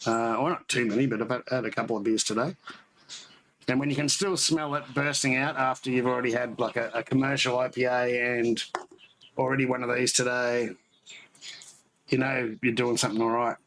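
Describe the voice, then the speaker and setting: A man hosts a homebrewing livestream, tasting beer on stream while he rambles casually and corrects himself along the way. His mid-range voice is a bit bright, fairly even in intonation and a little fast, and the poor audio carries slight background noise.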